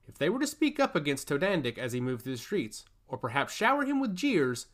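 A man reading a fantasy story as scripted narration, with expressive storytelling. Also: a little high, fairly quick.

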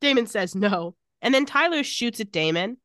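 A woman's voice: a little high, animated, moderate pace, a bit bright, no echo, studio quality. A woman co-hosting a podcast, casually retelling scenes from a TV episode and quoting the characters' lines as she goes. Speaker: podcast co-host recapping a TV episode. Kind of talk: casual chat.

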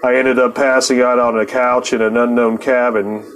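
A man's voice: medium pitch, little pitch movement, moderate pace, a bit bright, a little hiss or hum. A man telling a rambling, profane personal story in a casual way, often laughing between lines.

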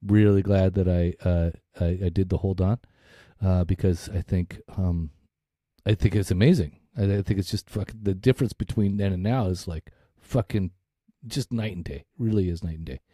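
Male podcast co-host, low mellow voice, rambling and profane, dry close recording. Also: moderate pace, no echo. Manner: rambling, profane, laughs often. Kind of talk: casual recovery podcast chat.

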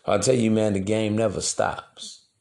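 Dude on his podcast, low gravelly voice, slangy and preachy. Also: fairly even intonation, a little slow, dark tone. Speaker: podcast host. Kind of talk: casual monologue.

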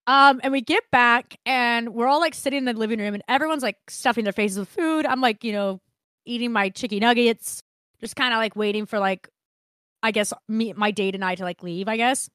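Young woman podcast co-host, casual storyteller, crisp bright voice, dry close sound. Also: fairly high pitch, fairly quick, dry recording. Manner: animated, swears freely, laughs often.

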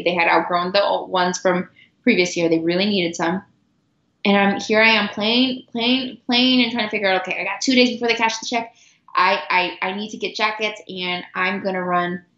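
A woman's voice: mid-range voice, fairly bright tone. Earnest woman retelling a hard time, roomy. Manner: earnest, repeats herself, halting restarts. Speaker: guest. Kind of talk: emotional personal storytelling. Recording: roomy, dull lo-fi sound.

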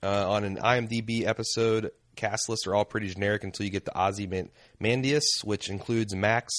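A man co-hosting a casual podcast, joking loosely and reading listener emails aloud, his voice going hoarse. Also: lowish voice, steady tone, normal speed, a bit bright, dry recording, studio quality. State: losing his voice. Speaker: podcast co-host.

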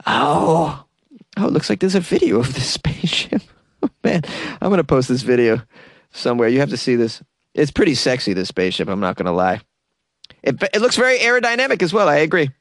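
A man's voice: on the high side, sing-song, fairly quick, no room sound, studio quality. A man hosting a comedy news segment, riffing sarcastically on stories and laughing at his own jokes.

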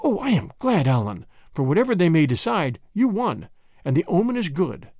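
A man voicing a hushed, hopeful young woman. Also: high-pitched, sing-song, moderate pace, dry recording, clean studio sound, exaggerated voice. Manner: whispered, eager.

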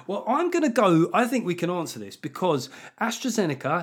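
A man's voice: high voice, big pitch swings, unhurried, long pauses, slightly rough. A man hosting a podcast, rambling in a profane, self-mocking way. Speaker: podcast host. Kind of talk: casual chat.

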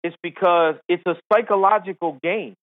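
Podcast guest: a lively, laughing man, high-pitched, acting out his anecdotes, heard dry and close. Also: moderate pace, no echo. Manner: animated, laughing storyteller who acts out others. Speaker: podcast guest, former tour caddie. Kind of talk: storytelling in casual chat. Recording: tinny phone-line sound.

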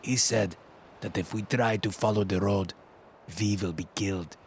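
A man's voice: fairly low pitch, steady tone, normal speed, a little hiss or hum, close to an everyday voice. A man voicing an older, gray-bearded Russian man with a thick Russian accent, speaking bluntly and heartily. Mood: earnest. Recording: narration over clear music.

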